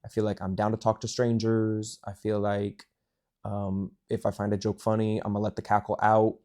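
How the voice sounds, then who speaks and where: Man, American accent, young adult, low mellow voice, chatty, casual conversation. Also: completely flat delivery, moderate pace. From United States. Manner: chatty, tangents, quotes people in put-on voices. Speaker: travel YouTuber, guest.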